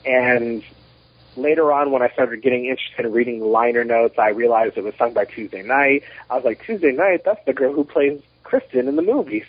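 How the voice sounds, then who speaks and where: A man's voice: medium pitch, husky, no echo. Chatty man telling rambling stories. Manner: animated storyteller, rambling with restarts. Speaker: documentary producer, podcast guest. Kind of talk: casual interview chat. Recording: muffled lo-fi podcast audio.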